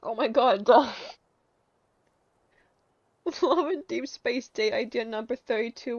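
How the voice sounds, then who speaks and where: A woman's voice: a little high, normal speed, no echo, muffled recording. A woman streaming a story game, reading its narration aloud and breaking into laughs and outbursts.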